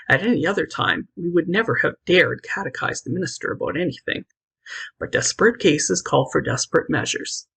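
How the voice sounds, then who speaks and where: A woman reading a classic children's novel aloud in an expressive, lively narration. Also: sits low, a little fast, gravelly, husky, rough recording. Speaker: audiobook reader. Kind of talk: scripted storybook narration.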